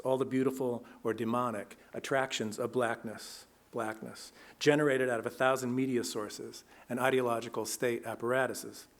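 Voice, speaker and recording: A man delivers an academic lecture, reading steadily from a prepared text. His tone is measured and his pitch sits in a middle range.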